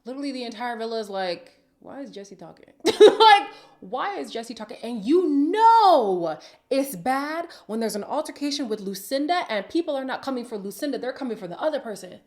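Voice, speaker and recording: A woman's voice: high voice, big pitch swings, fairly quick, darkish tone. A woman hosting a reality TV recap who reacts in a sassy, dramatic way, with sighs and sudden whispers. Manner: sassy and opinionated. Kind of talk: casual reaction commentary.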